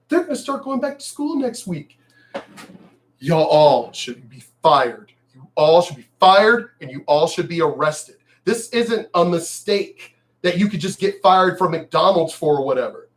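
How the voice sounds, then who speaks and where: Male vlogger, high voice, angry swearing rant, mocking and emphatic. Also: animated, a little slow. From El Paso, Texas. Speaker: vlogger ranting on news. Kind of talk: profane political rant.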